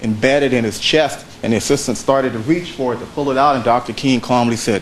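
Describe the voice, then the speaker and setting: Male trial lawyer, courtroom closing argument; measured, repetitive emphasis, mid-range voice. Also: medium pitch, steady tone, a little hiss or hum, rough recording. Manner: measured, repeats phrases for emphasis.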